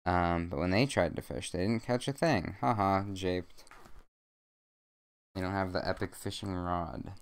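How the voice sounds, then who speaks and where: Young male streamer, deep and smooth, reads a bedtime story at home with deadpan asides. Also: measured pace. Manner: rambling, with jokey deadpan asides. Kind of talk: casual bedtime story reading. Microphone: desk mic.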